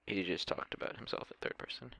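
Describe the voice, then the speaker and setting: A man's voice: fast, sharp tone, dry recording. A man casually commenting on a video in a hesitant way, with many ums and restarts. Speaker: reaction video host.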